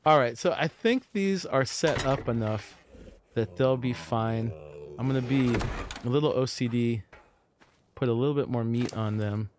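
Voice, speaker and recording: A man's voice: mid-range voice, a little slow, pauses often, noisy background. A man streaming a video game, chatting casually and rambling with frequent chuckles as he plays. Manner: relaxed, rambling, chuckles often. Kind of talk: casual live-stream commentary.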